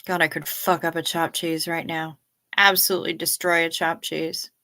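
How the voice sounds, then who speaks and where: A woman's voice: low-pitched, little pitch movement, normal speed, sharp tone. A woman in young adulthood hosting a casual late-night livestream, chatting, reading out viewer comments and swearing freely. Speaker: livestream host.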